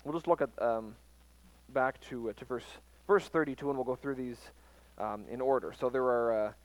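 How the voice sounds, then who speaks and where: A man preaching a casual Bible lesson in a mid-range voice, his talk halting and full of "uh"s and restarts. The sound is close and dry, with almost no room echo. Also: medium pitch. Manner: halting, frequent fillers and restarts. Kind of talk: informal Bible teaching.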